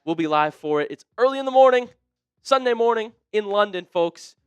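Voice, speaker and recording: A man hosting a live sports talk stream, chatting excitedly with viewers and a co-host. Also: brisk, clear, resonant tone, no room sound, faint music behind. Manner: excitable, jumps up in pitch when fired up. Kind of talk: livestream sports chat.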